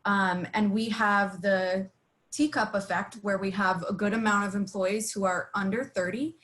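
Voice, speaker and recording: A woman's voice: medium pitch, fairly even intonation, normal speed, fairly bright tone, poor audio. A woman speaking as an employer on a webinar panel, enthusiastic and plain-spoken with fillers. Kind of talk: webinar discussion.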